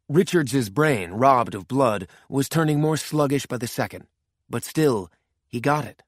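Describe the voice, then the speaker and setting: A man narrating a thriller audiobook in a measured, steady way, recorded on a close studio mic. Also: mid-range voice, dry recording.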